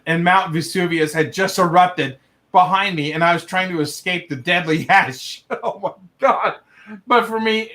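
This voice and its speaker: A young man with a high, light voice reads a story aloud on a livestream. He keeps laughing through it and cuts in with excited, profane reactions. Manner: laughs through the reading, breaks off to react with swearing. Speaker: livestream host reading viewer stories. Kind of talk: casual livestream reading.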